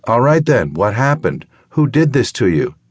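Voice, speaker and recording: A man voicing a brisk, probing woman doctor who asks direct questions. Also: mid-range voice, very animated, husky, dry recording, pitched above the performer's own voice.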